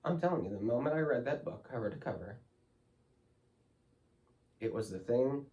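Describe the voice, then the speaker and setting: A man's voice: mid-range voice, expressive, moderate pace, mellow, recorded from a distance, dull audio. A man speaking as a guest in an interview, telling his story candidly and emotionally, loose with fillers like "like" and "you know".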